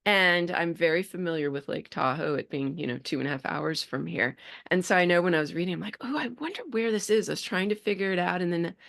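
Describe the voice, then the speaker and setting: A woman's voice: fairly low pitch, fast, gravelly, a bit bright. A woman hosting a podcast, talking in a chatty, enthusiastic way with frequent restarts. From Bay Area, California. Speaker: podcast host. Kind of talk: casual interview.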